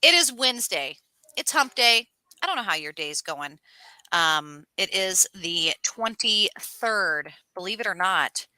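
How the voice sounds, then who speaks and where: Bright, lively woman co-host. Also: medium pitch, unhurried, dry recording, low-quality recording. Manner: lively, animated storytelling. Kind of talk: casual chat.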